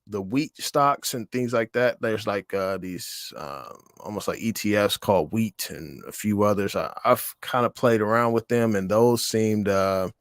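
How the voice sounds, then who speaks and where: A man's voice: on the low side, unhurried, hardly any pauses, no room sound, clean studio sound. A man hosting an investing livestream, chatting casually with viewers in a rambling, slangy way with lots of fillers. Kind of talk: casual livestream chat reading viewer comments.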